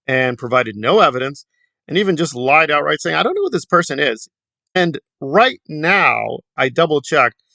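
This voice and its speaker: A man's voice: on the high side, bright, forceful tone, no room sound. A man hosting a commentary channel, talking in a sarcastic, mocking and indignant way about online drama.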